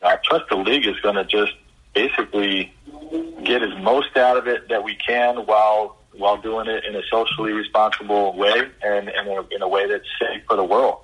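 A man answering press questions as a basketball coach, halting and measured, with lots of fillers. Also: fairly low pitch, fairly even intonation, a bit bright, breathy edge, rough recording. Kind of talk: press conference call answers.

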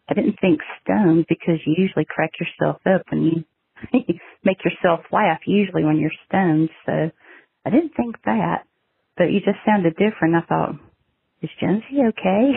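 Caller: woman from Georgia, gravelly and husky, tinny dry phone line, chatty storyteller. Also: lowish voice, no room sound. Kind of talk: voicemail to a podcast.

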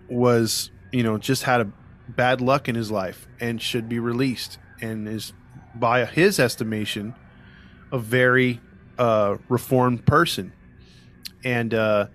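Casual male podcast host, mid-pitched, rambling with fillers and sarcastic jabs. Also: fairly bright tone. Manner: rambling, frequent "you know" fillers and restarts. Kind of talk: casual true-crime storytelling chat.

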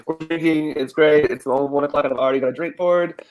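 Relaxed guy cohost, cheerful, kinda high voice, talking movies. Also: fast talker, low-quality recording. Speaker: podcast co-host. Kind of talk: casual film discussion.

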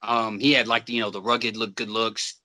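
A man in a casual chat who laughs often and drops swear words into drawn-out asides. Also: lowish voice, level tone, pushed and bright.

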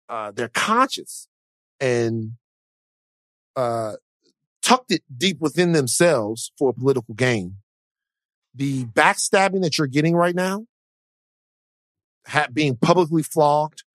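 A man co-hosting a podcast, talking casually and emphatically about politics and faith, slow and preachy at times. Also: medium pitch, animated, a bit bright, no echo. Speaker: podcast co-host.

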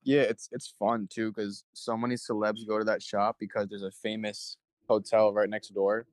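A man's voice: fairly low pitch, little pitch movement, normal speed, dry recording. A young man being interviewed on a casual podcast, rambling through stories, swearing freely and acting out what people said. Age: young adult. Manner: rambling storyteller, swears freely, acts out quotes. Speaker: interview guest, show promoter. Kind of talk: casual conversation.

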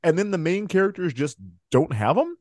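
A man's voice: high voice, animated, a little fast, darkish tone, dry recording, clean studio sound. A man hosting a film podcast, steering the segments, chatting casually with crude jokes. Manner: laughing, joking, crude. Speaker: podcast host. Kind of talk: casual chat.

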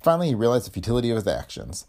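A man narrating a pulp story as an audiobook, with animated storytelling. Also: mid-range voice, rapid-fire.

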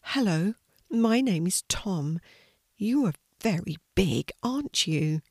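A woman's voice: medium pitch, lively intonation, takes it slowly, darkish tone, no echo, clean studio sound. A woman voicing a timid male sea turtle who stammers and trembles with fear. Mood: shy.

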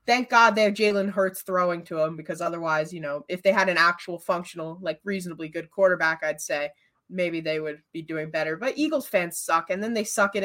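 A woman's voice: fairly low pitch, fairly bright tone. A woman co-hosting a casual sports podcast, blunt and heated in her opinions. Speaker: podcast co-host.

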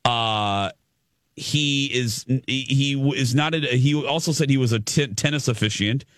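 A man co-hosting a morning radio show, telling a story in an animated, playful way. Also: mid-range voice, a little slow, no echo, clean studio sound. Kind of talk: casual morning show chat.

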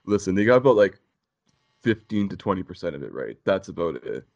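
A gravelly, fairly low-voiced man in a casual podcast chat, swinging his pitch up and down as he swears and rants. The recording is dull and lo-fi. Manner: profane, animated, quick to laugh. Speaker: podcast co-host.

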